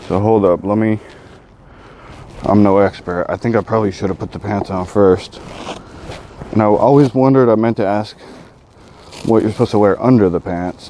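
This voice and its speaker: A man in a casual vlog, talking in a rambling, excitable way and often saying dude. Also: on the low side, slight background noise. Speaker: vlogger.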